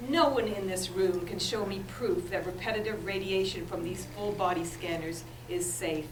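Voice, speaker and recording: A woman's voice: mid-range voice, normal speed. A woman gives insistent, accusatory public testimony at a hearing. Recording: echoey, from far off, noisy.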